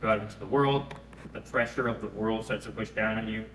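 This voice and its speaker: A man giving a live pitch presentation to an audience, conversational and often checking in with them. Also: fairly even intonation, fairly quick, fairly bright tone, a little hiss or hum. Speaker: startup founder pitching. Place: event room. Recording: echoey room, mic at a distance.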